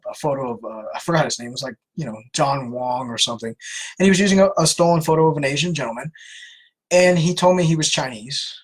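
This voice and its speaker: A woman's voice: low voice, slightly rough, poor audio. A woman hosting a live question-and-answer session, answering viewer questions in an earnest, plain-spoken way. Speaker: host of a scam-awareness Q&A.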